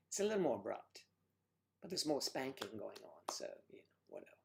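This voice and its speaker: A man's voice: medium pitch, sing-song, quick pace, creaky, slight background noise. An older man co-hosting a casual livestream chat, playful and teasing, joking about mangling Spanish. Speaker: livestream co-host.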